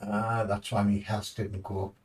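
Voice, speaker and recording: A man's voice: lowish voice, little pitch movement, normal speed, recorded from a distance. An English man streaming a game, chatting in a rambling way and swearing casually as he plays. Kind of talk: casual gaming commentary.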